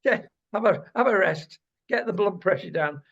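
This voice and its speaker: Gravelly presenter, lo-fi sound. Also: male voice, high-pitched, animated, moderate pace, a bit bright. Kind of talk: casual talk-show chat.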